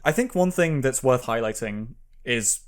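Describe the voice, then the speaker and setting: Animated man co-hosting a games podcast. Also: mid-range voice, moderate pace, soft background music. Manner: animated, laughs often, puts on a newscaster voice at times. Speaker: podcast co-host. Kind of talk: casual chat about games.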